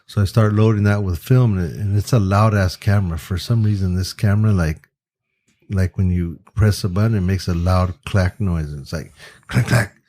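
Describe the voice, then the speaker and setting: Low-voiced man telling a profane story. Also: moderate pace. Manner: profane, animated, acts out quoted voices; frequent fillers like "you know" and "like". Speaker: podcast guest, photographer. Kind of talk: casual storytelling.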